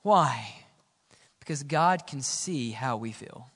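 A man preaching a sermon as pastor, swinging from loud exclamations to hushed, quiet lines. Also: medium pitch, animated, slow pace, husky. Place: church sanctuary. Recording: church hall reverb.

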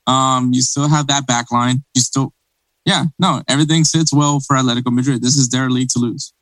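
A man in casual podcast chat, circling his points and restarting often. His voice sits at an ordinary pitch. The sound is close and dry with no room around it. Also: fairly even intonation, fairly quick, fairly bright tone, dry recording, rough recording. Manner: rambling, many restarts and fillers. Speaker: podcast co-host.

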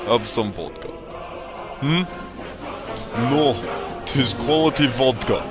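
A man voicing a boastful Russian man with a put-on Russian accent and broken English, in a deadpan, mock-pompous comedy promo. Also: mid-range voice, slow pace. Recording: music bed behind voice.

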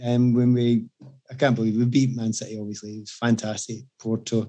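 Husky Scottish man telling stories. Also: fairly low pitch, fairly quick. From Scotland. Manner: animated anecdotes, self-mocking. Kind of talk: casual chat.

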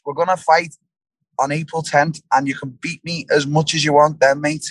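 A man's voice: fairly high pitch, level tone, normal speed, no echo, poor audio. A young English man, a fighter, chatting bluntly in an interview, swearing freely and stumbling over repeated words. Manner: casual, blunt, swearing, lots of restarts and fillers. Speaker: fighter, guest. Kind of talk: casual interview chat.

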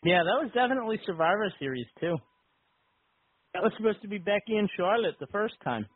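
A man's voice: high voice, lively intonation, fast, husky, no echo. A man hosting a wrestling call-in podcast, chatting casually and joking with his co-host and callers. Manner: jokey, upbeat banter. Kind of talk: casual call-in show chat. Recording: tinny phone-like sound.

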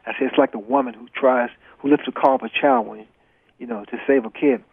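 Male guest, gravelly, earnest storyteller who repeats himself for emphasis, phone-line sound. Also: medium pitch, steady tone, brisk, dry recording. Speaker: retired boxer, guest. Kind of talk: interview storytelling. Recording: dry tinny phone line.

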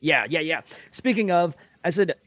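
A man's voice: on the high side, moderate pace. A man co-hosting a casual sports podcast, reading his notes and telling stories with lots of laughter. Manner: laughing, animated storytelling. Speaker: podcast co-host.

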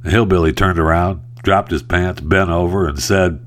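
Wry male host, very low voice, loose joke-telling monologue. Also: steady tone, moderate pace. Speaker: radio host. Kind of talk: casual talk-show monologue.

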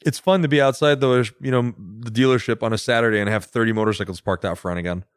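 A man talking quickly and eagerly on a podcast, teasing his co-host and rambling with enthusiasm. His voice sits in a middle register and sounds close and dry. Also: mid-range voice, steady tone, clear, resonant tone, no room sound. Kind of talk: casual chat.

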